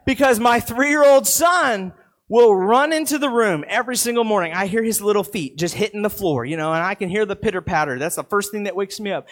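A man's voice: high voice, a bit bright. A man in his thirties preaching a sermon in an earnest, conversational way, with a lot of repetition. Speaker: pastor.

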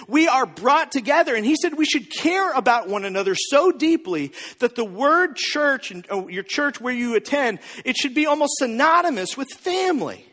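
A man preaching a sermon as pastor, telling the story in an animated, joking way. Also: very high voice, moderate pace, few pauses, big-room sound. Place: church.

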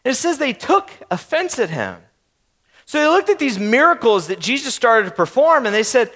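Young guy pastor preaching, high voice that swoops all over, acts out the crowd. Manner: animated, acts out skeptical townspeople in quick asides. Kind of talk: sermon.

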